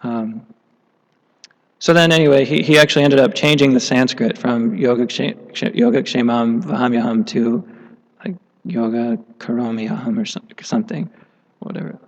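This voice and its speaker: Male class speaker, casual halting storyteller, temple hall with long reverb. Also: medium pitch, fairly even intonation. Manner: casual, halting with many fillers.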